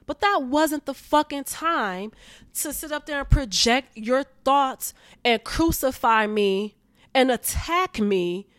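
High-voiced woman venting, heated and profane. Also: no echo, studio quality. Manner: heated, profane, repeats herself. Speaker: vlogger. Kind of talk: casual venting to viewers.

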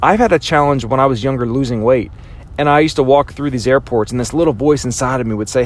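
A man's voice: medium pitch, fairly quick. A man giving a motivational speech, emphatic and repetitive, acting out his inner voice now and then. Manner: emphatic, repeats phrases for impact, acts out inner voices. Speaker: motivational speaker.

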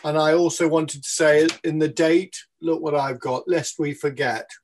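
This is an upbeat, wry man joining a video call as a guest. His voice sits a little high for a man. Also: steady tone, normal speed, a little mellow, slight background noise. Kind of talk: casual video-call chat. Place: central London.

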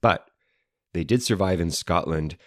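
Deep-voiced man, dry playful co-host. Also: unhurried, no room sound. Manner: dry, playful, explains history with wordy flourishes. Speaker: podcast co-host. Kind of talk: casual banter with wife.

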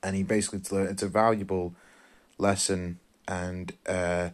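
A man with a somewhat low voice talks through a film review in a loose, casual way. He rambles and gushes with enthusiasm as he goes. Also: level tone, normal speed. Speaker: podcast host.

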